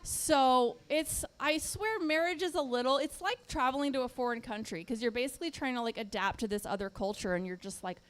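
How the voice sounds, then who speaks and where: This Texas-born comedian, who grew up in the Midwest and Washington, works a comedy club stage with a handheld mic. She talks brisk and high-pitched with hardly any pauses, telling stories and performing the voices of the people she quotes.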